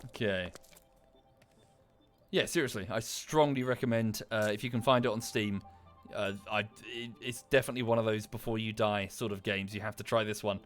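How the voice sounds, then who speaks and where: A man's voice: lowish voice, normal speed, faint music behind. A man with a British accent chatting casually on a livestream while playing a game, rambling with enthusiasm and swearing freely. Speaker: streamer.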